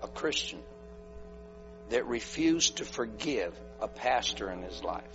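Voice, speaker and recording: A man preaching a sermon, moving from loud exhortation to hushed, quiet storytelling. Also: on the low side, big pitch swings, a little slow. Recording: dull lo-fi recording with faint music and mains hum.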